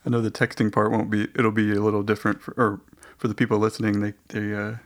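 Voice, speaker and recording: A man's voice: lowish voice, monotone, quick pace. A man hosting a casual online voice chat, rambling with many hesitations. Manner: rambling, hesitant, lots of restarts and likes. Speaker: podcast host.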